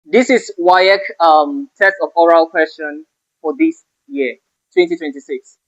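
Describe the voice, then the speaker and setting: A man's voice: on the high side, sing-song, a little slow. A man teaching an exam-prep lesson, stressing key words sharply in his examples. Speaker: English teacher. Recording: slightly dull lo-fi sound.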